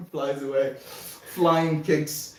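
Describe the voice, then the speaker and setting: A young man with a fairly high-pitched voice hosts a casual live stream, reading out viewer comments and chatting in a laid-back way. He laughs often and calls people dude and bro, in an echoey room.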